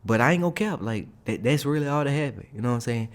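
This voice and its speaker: A young man casually telling a story in an animated, slangy way, often checking in with his listeners. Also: mid-range voice, fast talker. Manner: animated, slangy, keeps asking "you hear me?". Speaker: streamer.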